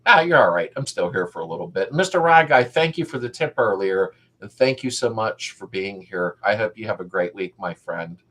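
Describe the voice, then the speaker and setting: A man's voice: on the low side, lively intonation, normal speed, hardly any pauses, a bit bright. A middle-aged man hosting a casual live stream, rambling as he reads viewers' comments aloud and greets them by name.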